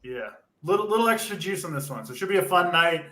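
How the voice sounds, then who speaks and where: A man's voice: a little high, animated, quick pace, pushed and bright, roomy sound. A man hosting a casual show, laid-back and steering the talk. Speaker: host.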